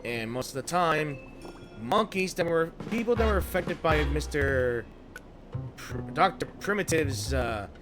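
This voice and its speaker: A man's voice: on the high side, animated, a little slow. A man casually commenting on a video game he plays, rambling with chuckling asides, on a headset mic. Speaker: gaming streamer. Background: game music.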